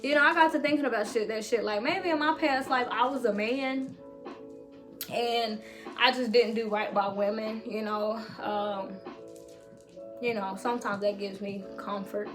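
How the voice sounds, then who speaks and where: A woman's voice: on the high side, steady tone, normal speed, over music. A woman vlogger speaking candidly to camera, reassuring listeners with blunt, profane encouragement. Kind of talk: motivational talk to camera.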